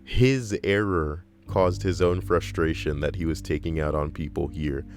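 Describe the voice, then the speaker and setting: A man's voice: very deep voice, steady tone, a little slow, a little mellow, faint music behind. A young man reading stories aloud and breaking off into sarcastic, profane, rambling asides. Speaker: story reader and commentator.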